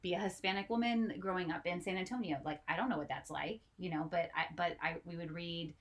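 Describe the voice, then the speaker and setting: Woman, podcast co-host, English teacher, relaxed, laughs along, lowish voice. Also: fairly quick. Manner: relaxed, chiming in with laughs and short replies. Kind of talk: casual chat.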